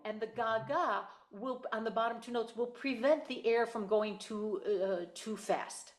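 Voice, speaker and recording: A woman coaching a singer over a video call, her voice sitting a little high. She explains each small fix patiently and circles back to repeat herself so nothing gets missed. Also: unhurried, faint music behind. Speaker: voice teacher. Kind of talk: online singing lesson.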